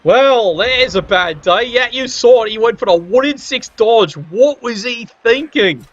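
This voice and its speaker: A man's voice: extremely high pitch, expressive, unhurried. A man doing casual play-by-play commentary on a fantasy sports match, wry and joking with a playfully biased slant. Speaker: game commentator. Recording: dull lo-fi recording.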